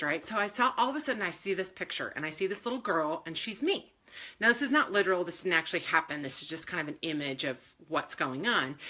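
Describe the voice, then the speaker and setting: A woman's voice: mid-range voice, sharp tone. A woman speaking to viewers on a live stream about faith and self-worth, candid and emotional, swearing freely and often laughing. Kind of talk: casual live-stream talk.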